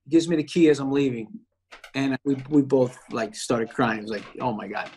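A man, an actor guest, telling a personal story in casual talk, animated and acting out the voices of the people he quotes. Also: medium pitch, a little fast.

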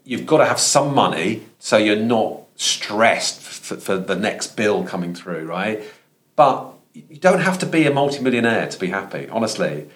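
A man's voice: fairly low pitch, big pitch swings, normal speed, a bit bright. A man from London with a Thames Estuary accent, a professor speaking as a guest on a podcast, earnest and thinking aloud with frequent restarts. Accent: Thames Estuary English. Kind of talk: conversational podcast interview.

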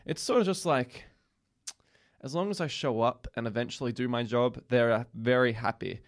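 A man's voice: medium pitch, moderate pace. A young man, hosting a casual chat show and telling a long story in a rambling way, often laughing and trailing off. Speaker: podcast host.

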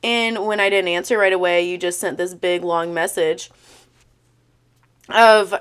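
A woman's voice: medium pitch, slow, long pauses, a bit bright, clean tone. A young woman in her twenties hosting a casual storytime podcast, sarcastic and blunt, swearing freely as she reads old messages aloud. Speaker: podcast host.

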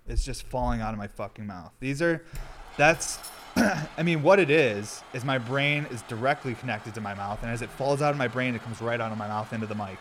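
A man's voice: mid-range voice, fairly quick, a bit bright, a little hiss or hum. A young man rambling loosely and profanely during a home smoking session, shivering from the cold. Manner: loose, unfiltered, profane, self-deprecating. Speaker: streamer and podcast host. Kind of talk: rambling casual talk.

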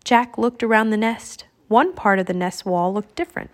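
A woman reading a children's adventure book aloud in a steady storytelling manner. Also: medium pitch, moderate pace. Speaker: audiobook reader.

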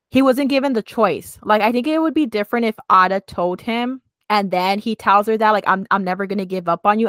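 A woman's voice: medium pitch, fairly bright tone, no room sound. Gushing chatty woman, dry sound. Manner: gushing, emotional, many "like" fillers. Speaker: co-host. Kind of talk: casual chat recapping a TV drama.

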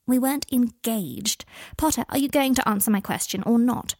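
A woman's voice: on the high side, brisk, dry recording. A woman voicing a scornful, guarded young woman who speaks in curt, clipped sneers, read dry and close.

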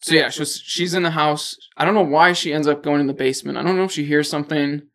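A man on a podcast talks through a movie plot in a loose, rambling way. He leans hard on fillers as he goes, and his voice has a gravelly edge. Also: on the high side, fairly even intonation, quick pace, fairly bright tone. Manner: rambling storyteller, many fillers like "like" and "or whatever". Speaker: podcast co-host. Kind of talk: casual chat, retelling a movie plot.

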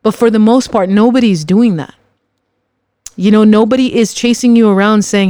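Smooth, emphatic podcast host, dry sound. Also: mid-range voice, normal speed, dark tone, no room sound. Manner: emphatic, repeats phrases for punch; addresses listeners directly. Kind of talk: casual motivational monologue.

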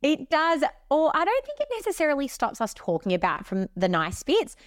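A woman's voice: high voice, normal speed, no room sound, studio quality. A young Australian woman co-hosting a podcast in casual chat, telling stories with casual swearing. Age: young adult. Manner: lively storyteller, swears casually. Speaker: podcast co-host.

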